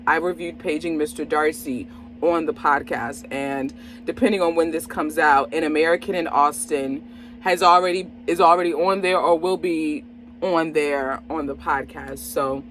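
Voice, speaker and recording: A woman's voice: deep voice, slight background noise. A woman hosting her own movie review channel, talking casually to camera in an exuberant, exclamatory way, laughing often and addressing viewers directly. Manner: chatty, talks straight to viewers.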